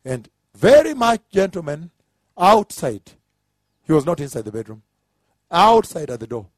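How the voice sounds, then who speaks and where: A man preaching a sermon, repeating phrases and rising to shouts as he describes what he saw. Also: on the high side, very animated, moderate pace, husky, dry recording, clean studio sound. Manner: emphatic, repetitive, builds to shouts; describes with gestures, "like this".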